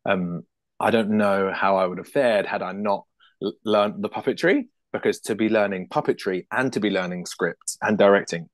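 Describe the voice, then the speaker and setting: A British man talking as a puppeteer guest in a casual interview. He is animated, laughs often and restarts his sentences quickly. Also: lowish voice, no echo. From United Kingdom.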